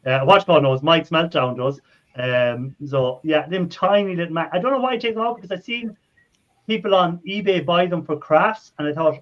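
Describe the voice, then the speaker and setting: A man's voice: fairly high pitch, moderate pace. Chatty Irish man hosting a stream. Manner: rambling, friendly, laughs often. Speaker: livestream host. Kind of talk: casual live chat. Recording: dull lo-fi stream audio.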